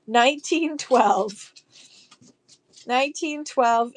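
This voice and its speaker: A woman's voice: a little high, slow pace. A woman selling vintage postcards on a live stream, gushing over each card and reading verses aloud in a chatty way. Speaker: live online auction seller.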